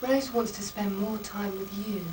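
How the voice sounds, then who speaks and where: An actress playing an earnest young woman speaking softly and pleadingly. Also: medium pitch, steady tone, normal speed, slight background noise, natural voice. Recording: roomy, distant VHS audio.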